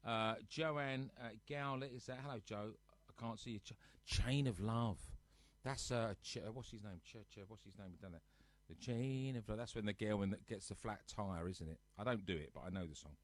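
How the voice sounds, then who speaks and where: A man's voice: on the low side, expressive, normal speed, a bit bright, no echo. A man casually chatting to live viewers on his home sofa show, teasing them and reading out their comments. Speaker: host of a live-streamed music show.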